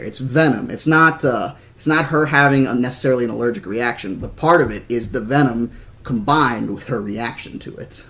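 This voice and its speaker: A man reads a novel aloud and now and then adds casual remarks of his own. He often stumbles and starts words again. His voice has an ordinary middle pitch. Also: fairly bright tone, a little hiss or hum. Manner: stumbling, self-correcting reading. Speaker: reader. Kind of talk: novel read-aloud with personal asides.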